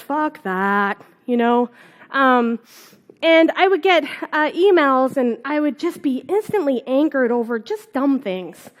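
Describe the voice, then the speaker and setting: A young woman from Canada gives a conference talk while fighting a cold. Her voice sits high, and she rambles casually with plenty of ums and asides. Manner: casual, rambling storytelling with fillers. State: has a cold, on cold medicine. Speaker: conference speaker. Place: conference hall.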